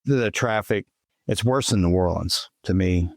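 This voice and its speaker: Easygoing low-voiced male podcast host. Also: unhurried, creaky, no room sound. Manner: easygoing, conversational. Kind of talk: casual interview chat.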